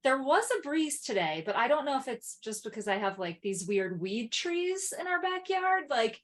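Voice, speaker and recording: A woman co-host with a lively, swinging pitch chats casually on a podcast. She rambles through anecdotes and giggles often. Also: normal speed. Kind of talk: casual chat.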